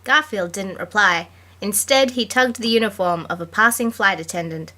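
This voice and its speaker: A woman's voice: mid-range voice, moderate pace, sharp tone. Female podcast guest, reads aloud evenly, dry and easygoing. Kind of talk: reading a book aloud, casual chat.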